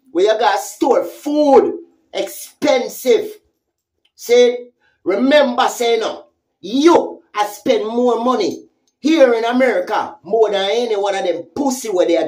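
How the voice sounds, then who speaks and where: A woman with a Jamaican accent and a fairly high, darkish voice launches into a heated, profane vlog rant. As a social media commentator, she confronts someone with repeated taunting questions.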